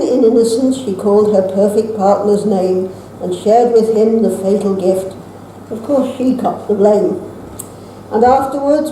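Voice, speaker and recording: A woman reading her own rhyming poems at an open mic in a steady recitation, with wry asides between them. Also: medium pitch, a little hiss or hum. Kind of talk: poetry reading. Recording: echoey room with faint ambience.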